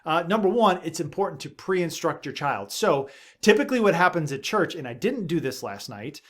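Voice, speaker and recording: Man, thirties, parenting host; earnest and emphatic, a touch higher voice, low asides. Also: big pitch swings, moderate pace, fairly bright tone. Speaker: parenting video host, father of seven. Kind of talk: direct-to-camera advice talk.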